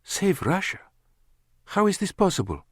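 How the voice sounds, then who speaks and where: A male audiobook narrator voicing a passionate, sarcastic young Russian woman, raising his voice high for her. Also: expressive, moderate pace, darkish tone, no room sound, studio quality, close to an everyday voice. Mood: incredulous.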